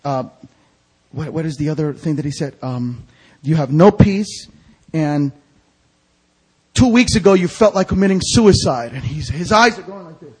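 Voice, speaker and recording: A man preaching a storytelling sermon as an evangelist, animated and acting out the voices of people in his stories. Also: fairly high pitch, moderate pace, pauses often, breathy edge. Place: church sanctuary.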